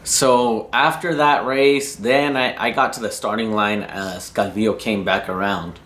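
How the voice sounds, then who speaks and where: A man's voice: lowish voice, steady tone, a little slow, fairly bright tone. A man from New Mexico casually telling a story about drag racing, slangy and rambling and cursing freely. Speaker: racing vlogger.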